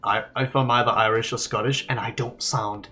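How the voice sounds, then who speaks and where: A native Danish speaker from Denmark co-hosts a game stream, chatting in an easygoing, chuckling way. His pitch is middling, with faint music behind him. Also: steady tone, moderate pace, bright, forceful tone. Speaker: stream co-host. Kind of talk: casual gameplay stream chat.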